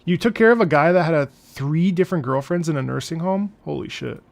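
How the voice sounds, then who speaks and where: A man's voice: fairly high pitch, brisk, creaky. A man streaming and chatting casually with viewers, rambling, laughing often and swearing freely. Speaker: streamer reacting to music. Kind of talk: casual live-stream chat.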